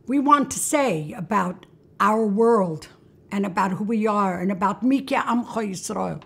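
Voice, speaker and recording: A woman's voice: a little high, vocal fry, breathy edge. A woman hosting a religious talk, telling a story in a conversational way and inviting listeners along. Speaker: host.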